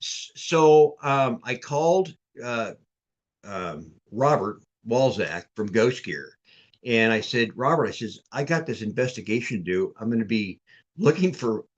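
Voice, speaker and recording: A man's voice: medium pitch, lively intonation, slow. Rambling man telling a ghost story. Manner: rambling, repeats words and restarts often. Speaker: podcast guest. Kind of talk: casual storytelling chat.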